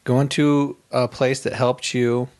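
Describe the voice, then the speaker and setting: A man co-hosting a podcast in casual chat, animated and acting out quoted thoughts, with frequent restarts. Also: mid-range voice, slow pace. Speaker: podcast co-host.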